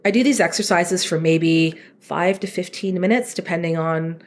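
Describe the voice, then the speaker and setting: A woman chatting casually on a podcast as a guest, talking about dog training in an animated way with lots of fillers. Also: fairly low pitch, moderate pace.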